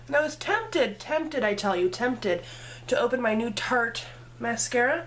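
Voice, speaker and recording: Speaking at normal speed in a higher, sing-song voice, a woman makeup vlogger chats playfully and talks to herself as she works through a casual tutorial. There's slight background noise.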